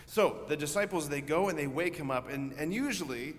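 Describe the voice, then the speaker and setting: Man, priest, homily, conversational and earnest, slightly high voice, long church reverb. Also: a little fast. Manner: conversational, earnest, vivid storytelling. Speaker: Catholic priest.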